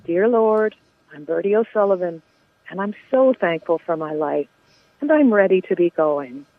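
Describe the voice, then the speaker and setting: A gentle older sister speaks softly to her dying brother, as a woman reads her lines from a play. The reading is tender and reassuring, with no put-on accent. It comes down a thin, tinny phone line. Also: lowish voice, expressive, normal speed, no echo. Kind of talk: reading a play monologue aloud.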